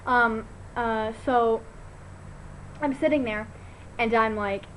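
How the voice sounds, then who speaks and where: A teenage girl vlogging at home into her laptop, telling a story in an animated, chatty way full of "like" and fillers. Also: on the high side, slow pace, slight background noise, poor audio. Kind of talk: casual chat to camera. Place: at home, indoors.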